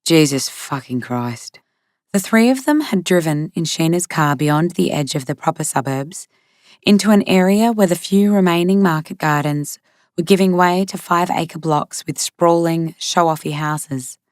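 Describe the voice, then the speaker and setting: A woman narrating an audiobook in a measured, steady manner into a close studio mic. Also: on the low side, no room sound. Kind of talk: scripted narration.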